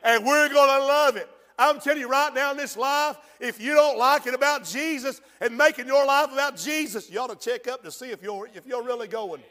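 A man preaching a sermon as pastor, rising to shouted peaks and slowing down on quoted scripture. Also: very high voice, long reverb tail.

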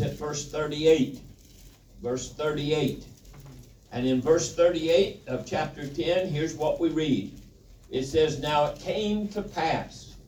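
A man's voice: a little high, darkish tone, a little hiss or hum. A man preaching a Bible lesson, with a folksy, joking manner, asking the congregation questions. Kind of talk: sermon, Bible teaching. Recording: roomy, from a distance.

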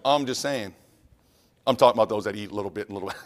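A middle-aged man preaching a sermon in church. He talks animated, mimicking voices and dropping into quiet asides. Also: lowish voice, racing. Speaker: pastor. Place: church sanctuary.

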